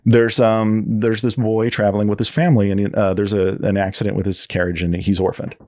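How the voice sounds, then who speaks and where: A man's voice: fairly low pitch, level tone, a little fast, darkish tone. A man being interviewed as a guest designer, talking in a rambling way and often correcting himself as he tells a story. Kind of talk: casual interview.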